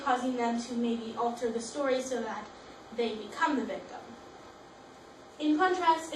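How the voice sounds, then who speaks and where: A woman's voice: sits high, darkish tone. A young woman giving a school project presentation, reading from notes and restarting on long words. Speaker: student presenter. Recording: roomy, from a distance, faint hiss.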